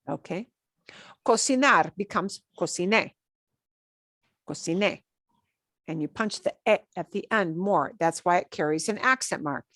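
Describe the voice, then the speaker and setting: A woman's voice: mid-range voice, no room sound. Chatty woman teaching Spanish, dry sound. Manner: chatty and encouraging, stresses accented syllables. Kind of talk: online language lesson.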